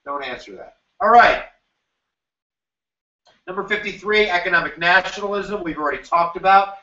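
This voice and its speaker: A man giving an animated, jokey history review lecture as a teacher, acting out quoted voices now and then. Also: a little high. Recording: roomy, distant, dull sound.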